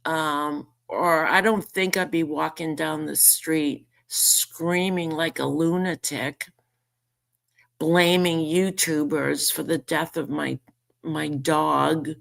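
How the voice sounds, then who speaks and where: A woman's voice: deep voice, fairly even intonation, slow pace, vocal fry, fairly bright tone. A woman vlogging casual commentary, indignant and sarcastic as she reads out messages and mocks them. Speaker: YouTuber responding to a message.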